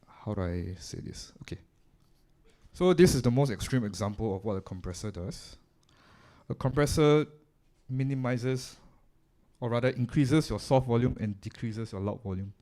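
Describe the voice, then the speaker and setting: Chewing gum as he talks, a Singaporean-accented man demonstrates audio equipment at a live workshop in an event room, keeping things chatty and casual. His mid-range voice has a dark tone, and he speaks at a moderate pace with frequent pauses.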